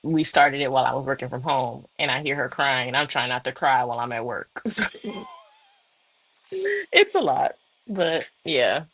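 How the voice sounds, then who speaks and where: A woman chats on a podcast in a crisp, bright voice with some gravelly fry. She rambles candidly, full of "like"s and small laughs, and the recording is dry and close. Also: a bass voice, brisk, hardly any pauses, no echo, low-quality recording. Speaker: podcast co-host, mother. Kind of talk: casual podcast chat.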